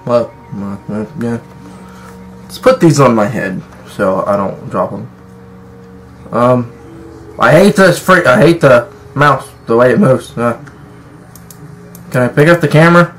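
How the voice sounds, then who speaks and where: A man's voice: medium pitch, measured pace, long pauses, a bit bright, faint music behind. A man hosting a gaming channel, giving jokey, profane let's-play commentary and scolding the game's characters.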